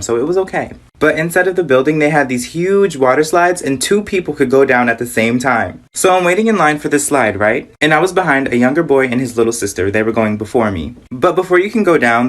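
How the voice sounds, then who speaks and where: A woman telling funny personal stories in a sassy, animated way, acting out the people in them. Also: very deep voice. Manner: sassy, animated, acts out quoted voices. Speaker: storyteller. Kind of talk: casual storytime narration.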